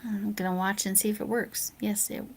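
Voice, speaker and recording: A woman chatting casually on a late-night livestream, answering viewer comments aloud and often dropping into a soft near-whisper, sleepy and yawning. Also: mid-range voice, flat delivery, moderate pace. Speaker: live streamer.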